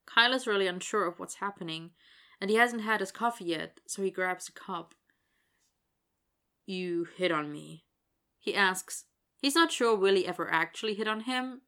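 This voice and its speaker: A woman narrating an audiobook in a steady, wry storytelling manner. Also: mid-range voice, fairly quick, clean tone.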